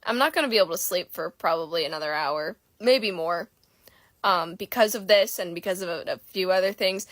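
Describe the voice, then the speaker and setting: A woman's voice: fairly low pitch, brisk, a bit bright, no echo. A woman in a late-night casual vlog, rambling emotionally and swearing freely into her phone camera. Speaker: content creator.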